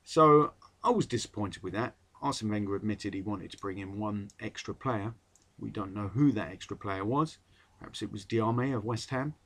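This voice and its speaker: A man's voice: fairly low pitch, normal speed, fairly bright tone. A man rambling wryly through a casual solo football podcast as its host. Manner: chatty, rambling, wry.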